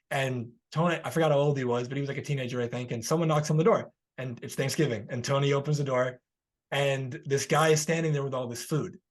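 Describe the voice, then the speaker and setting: A man hosting a podcast interview, earnestly telling a story and offering encouragement, who works as a healer himself. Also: medium pitch.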